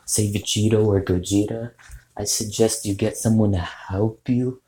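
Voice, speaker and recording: A man's voice: fairly low pitch, steady tone, normal speed, warm tone, rough recording. A man giving casual, rambling tips on doing voice impressions, with lots of fillers and restarts. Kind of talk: casual spoken tutorial.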